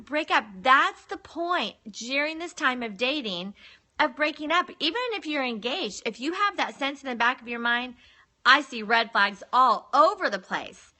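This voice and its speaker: Woman, high-pitched and earnest, talking as a relationship counselor on a phone stream with a sharp, ringing tone. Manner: earnest, chatty, repeats words for emphasis. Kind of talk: live-streamed advice talk.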